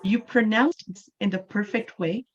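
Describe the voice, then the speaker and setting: A woman's voice: mid-range voice, normal speed, breathy edge, dull audio. A woman from Canada, a native English speaker, teaching an online English class and explaining things patiently, often checking in with "right?".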